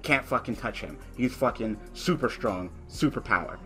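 A man's voice: lively intonation, normal speed, a bit bright, soft background music. A young man giving profane, frustrated commentary on his online card game, cursing at his opponent. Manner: ranting in a high, laughing voice.

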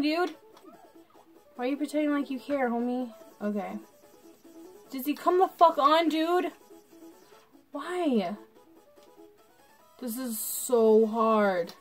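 A drunk woman commentating her gameplay casually, swearing and breaking into excitable outbursts while talking to her viewers. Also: a little high. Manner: talks to the viewers. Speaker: gaming channel host.

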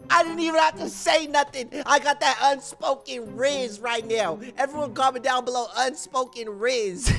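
A young man commentating his gameplay, animated and slangy, reading chat lines aloud. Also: very high voice, vocal fry. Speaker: gaming YouTuber.

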